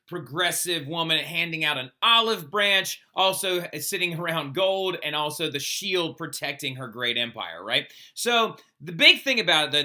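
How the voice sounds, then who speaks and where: This is a male history teacher giving a recorded lecture, his voice very bright and a bit high. He talks loosely and conversationally and keeps tossing in a "right?" to check that the class is following.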